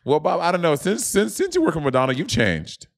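Sassy man with a lively, swooping voice. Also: high voice, fast talker, vocal fry. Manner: sassy and opinionated. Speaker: podcast co-host. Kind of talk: casual review chat. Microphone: video call.

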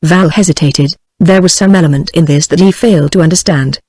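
A British woman narrating a storybook in a steady, even text-to-speech reading. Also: fairly low pitch, brisk, breathy edge, poor audio. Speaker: audiobook narrator. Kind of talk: scripted narration.

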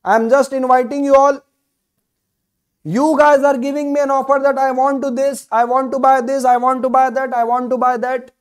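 An Indian English man delivering a law lesson with a very high-pitched voice. He hammers points home by repeating phrases and throwing rhetorical questions at his students. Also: flat delivery, normal speed, clear, resonant tone. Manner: repetitive, emphatic, rhetorical questions. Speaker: law tutor. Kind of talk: online lecture.

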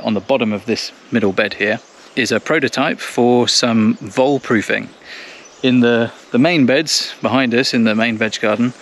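A relaxed man talks the camera through a garden project outdoors, pausing now and then to find the word. His voice has a middle pitch. Faint outdoor noise sits behind him. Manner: relaxed, explanatory, some hesitations. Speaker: co-host of a gardening channel. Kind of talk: casual explaining to camera.

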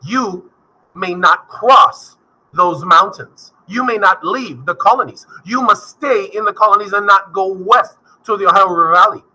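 A man's voice: high voice, moderate pace, sharp tone, breathy edge, full character voice, low-quality recording. A man voicing a stern, dismissive king, curt and commanding in a classroom skit.

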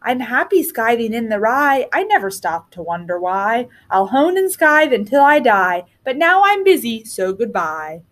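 A woman's voice: a little high, big pitch swings, normal speed, hardly any pauses, fairly bright tone. A carefree peasant, played by a woman reading aloud mumbles his lines in a sing-song rhyme. The storybook voice rises and drops a lot. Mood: mumbling.

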